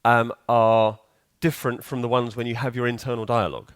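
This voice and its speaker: A man's voice: medium pitch, little pitch movement, a little fast, clean tone. A man giving a live conference talk in a hall, chatty and joking, quizzing the audience. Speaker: conference speaker.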